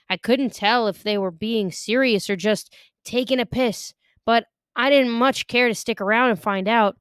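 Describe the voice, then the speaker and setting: A woman reading a novel aloud in an expressive, careful way. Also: medium pitch, clear, resonant tone, dry recording, studio quality. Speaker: reader.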